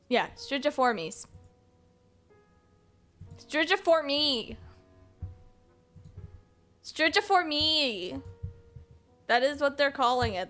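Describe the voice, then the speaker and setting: A woman's voice: high voice, a bit bright. A woman streaming a video game, chatting casually in a playful, rambling way. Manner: playful, rambling, chuckling to herself. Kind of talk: casual chat while gaming. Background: faint game music.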